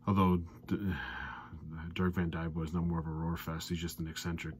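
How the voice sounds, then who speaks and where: A man's voice: level tone, moderate pace, a little hiss or hum. A man with an exasperated, ranting manner, giving darts predictions and betting picks as a host. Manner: ranting, exasperated, loud and high when worked up. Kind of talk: sports betting commentary.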